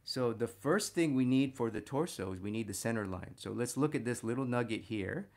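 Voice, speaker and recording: A man teaching figure drawing and talking through a study, energetic and punctuating his points with "boom". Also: fairly quick. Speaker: art instructor.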